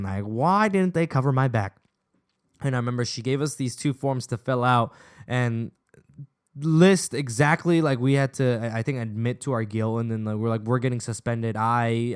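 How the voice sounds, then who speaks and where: A man's voice: mid-range voice, normal speed, clean tone. A young man, a gaming vlogger, telling a personal story in a casual, laughing way with plenty of swearing. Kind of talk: storytelling over gameplay.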